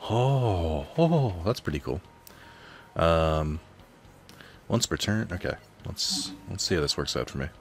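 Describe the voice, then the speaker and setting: A man's voice: low-pitched, big pitch swings, takes it slowly, soft background music. A man thinking aloud while he plays a card game at home, rambling and reading out card text in casual commentary. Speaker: let's play host. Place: home apartment.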